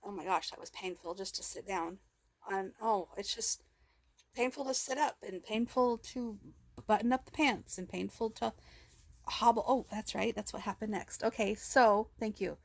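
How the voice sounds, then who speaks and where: A woman's voice: medium pitch, normal speed, gravelly, dry recording. A woman telling a raw personal vlog story into a handheld phone, rambling and emotional, with many restarts, speaking of herself as "we". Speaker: vlogger.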